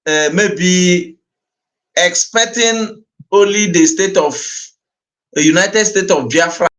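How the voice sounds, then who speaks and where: A man with a Nigerian accent gives earnest livestream commentary, slipping between English and Igbo. He speaks slowly and repeats his points. His voice sits a little high for a man. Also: fairly bright tone, poor audio. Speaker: livestream host. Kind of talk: commentary on a played clip.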